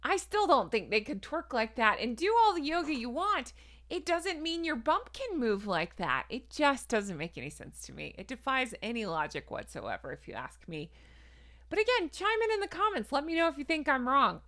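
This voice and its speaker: Lively, sarcastic woman commentator. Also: sits high, normal speed. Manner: sarcastic, incredulous, hedging asides. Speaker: commentary host. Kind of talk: opinionated celebrity commentary.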